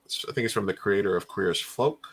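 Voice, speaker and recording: A man's voice: lowish voice, quick pace, slightly rough. A man chatting casually as co-host, rambling and reacting to a list of shows.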